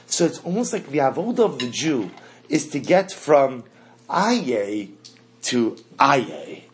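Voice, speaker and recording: Lively man teaching a class. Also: mid-range voice, slow pace. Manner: animated, asks the class questions and repeats key phrases. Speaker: Torah teacher. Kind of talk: classroom Torah lesson.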